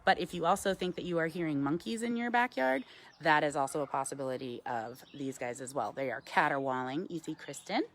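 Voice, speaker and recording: A woman with a low voice leads a casual live wildlife talk outdoors, chatting easily with frequent ums. She turns to coo at the owl now and then and takes viewer questions. Faint outdoor sounds hum behind her. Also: brisk. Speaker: wildlife center educator. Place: outdoors in wind.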